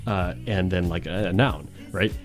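A man co-hosting a podcast in casual chat, puzzling over words with halting restarts. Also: deep voice, soft background music. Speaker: podcast co-host.

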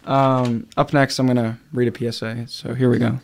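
Halting young man DJ, filler-heavy. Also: mid-range voice, little pitch movement, gravelly. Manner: halting and rambling, full of filler sounds. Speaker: radio DJ. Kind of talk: casual radio chat between songs.

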